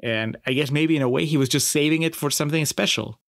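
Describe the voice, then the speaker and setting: A man's voice: on the high side, fast, creaky. Chatty man co-hosting a film podcast. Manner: chatty, enthusiastic, asks questions. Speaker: podcast co-host. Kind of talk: casual film discussion.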